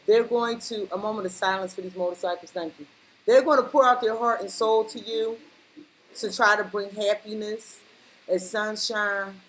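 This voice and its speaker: Reading tarot straight to the camera, a woman speaks with a mid-range voice, fairly even intonation and a moderate pace. She's blunt, emphatic and slangy, repeating lines for stress. The low-quality recording has a little hiss or hum.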